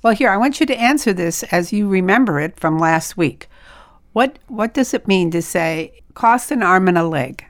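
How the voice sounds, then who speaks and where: A woman co-hosting a casual trivia podcast, reacting quickly and laughing easily. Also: mid-range voice, expressive, no echo, clean studio sound. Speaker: podcast co-host.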